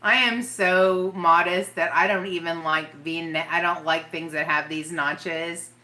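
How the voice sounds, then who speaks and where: A woman's voice: lowish voice, fairly even intonation, unhurried, pushed and bright. A woman chatting casually and rambling on a live makeup stream, giggling and talking straight to her viewers. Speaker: makeup vlogger.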